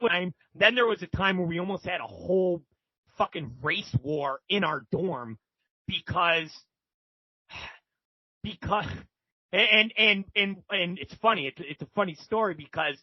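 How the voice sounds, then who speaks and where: A high-voiced man holds forth as a guest, his stories loose, profane and full of restarts. The recording sounds dull and dry. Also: animated, measured pace, no echo. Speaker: podcast guest. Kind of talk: casual storytelling.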